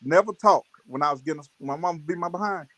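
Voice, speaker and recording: A man casually telling childhood stories on a livestream, animated and laughing, full of slang. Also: on the high side, fast talker, no room sound. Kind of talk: casual storytelling chat.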